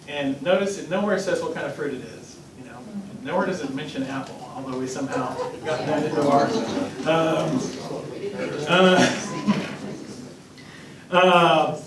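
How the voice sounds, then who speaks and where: A man, a pastor, teaching a Bible class in a conversational, animated way. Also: fairly high pitch. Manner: conversational, animated, acts out voices and laughs. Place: church classroom. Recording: echoey room, voice from a distance, faint noise.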